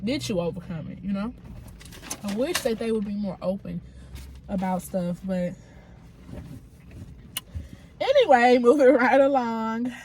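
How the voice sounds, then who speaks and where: A woman's voice: fairly high pitch, expressive, measured pace, pauses often, noisy background. A woman with a cold, congested, giving a chatty, frank recap of a reality show and talking straight to her viewers. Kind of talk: casual recap commentary.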